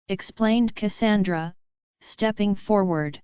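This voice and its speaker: A woman narrating a fantasy audiobook in a steady, measured way. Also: medium pitch, smooth, dry recording, lo-fi sound.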